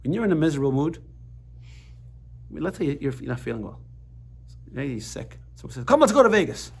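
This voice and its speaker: A man teaching a lively class, switching quickly between explanation and jokes. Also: medium pitch, creaky, a little hiss or hum. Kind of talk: animated class lesson.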